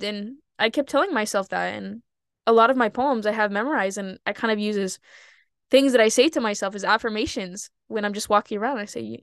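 Candid, animated young woman podcasting. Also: dry recording, studio quality. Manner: candid and animated, laughing at herself, with sudden high outbursts. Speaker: podcast host. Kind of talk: personal podcast monologue.

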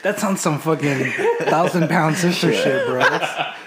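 A man's voice: on the high side, measured pace. Teasing slangy man over crowd noise. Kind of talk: casual banter.

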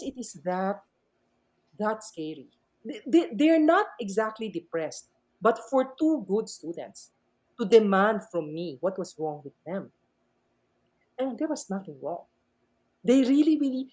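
A woman's voice: on the high side, mellow. A woman with a Filipino accent, a professor, telling stories expressively and switching between English and Tagalog. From Philippines. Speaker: professor and guest speaker. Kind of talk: animated storytelling talk.

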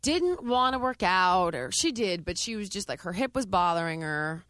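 A woman's voice: on the low side, lively intonation, moderate pace, a bit bright, no room sound. A woman co-hosting a talk show in a casual chat, teasing and sarcastic, with dry humor, who also talks about fitness. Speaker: podcast co-host, fitness trainer.

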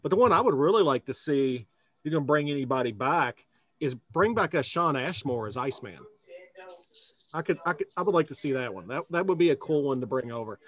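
A man's voice: fairly high pitch, lively intonation, a little fast, fairly bright tone. A man co-hosting a podcast, chatting casually and rambling with restarts and jokes. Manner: rambling, self-correcting, jokey. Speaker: podcast co-host. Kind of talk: casual chat.

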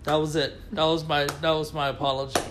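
A man's voice: fairly high pitch, little pitch movement, a little fast, noisy background. A man from Puerto Rico, co-hosting a casual wrestling chat, joking and swearing easily. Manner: joking, mock-formal apologies, swears casually. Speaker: podcast co-host.

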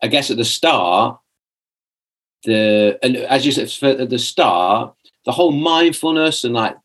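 A fairly bright, mid-range male voice, a little slow, comes from a young guest on a podcast telling a roundabout personal story. He chats loosely, restarts again and again, says "like" often, and dramatizes his own past lines.

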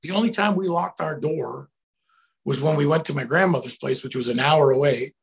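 A middle-aged man, a guest telling anecdotes in a casual, animated way, bursting into shouted quotes. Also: fairly high pitch, brisk, creaky, slight background noise. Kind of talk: casual storytelling.

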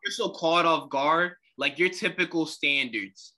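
A young man co-hosting a podcast, animated and slangy, saying "bro" a lot. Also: on the high side, unhurried. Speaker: podcast co-host. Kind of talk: casual chat.

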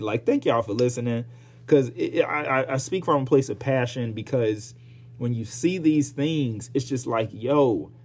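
A man hosting his own podcast, ranting in a heated, profane, animated way, with sighs and outbursts. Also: medium pitch, husky. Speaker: podcast host. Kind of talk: casual solo podcast rant.

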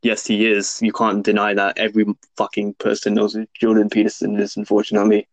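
A man's voice: fairly low pitch, brisk, vocal fry, dry recording, poor audio. A man in casual podcast chat, talking heatedly and profanely in long rants.

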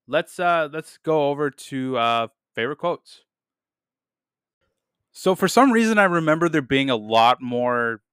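A man's voice: mid-range voice, pushed and bright, clear, resonant tone, no echo, studio quality. A man talking through a film review on his podcast, upbeat and casual, with lots of fillers and repeated words. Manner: enthusiastic, many fillers, repeats "really, really"; laughs at quotes he reads.

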